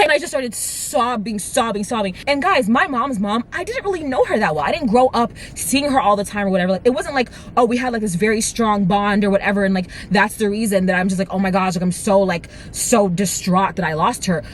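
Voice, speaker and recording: A woman in her twenties telling a dramatic storytime vlog to her viewers, with lively asides. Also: medium pitch, a little hiss or hum. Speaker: vlogger. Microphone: camera mic.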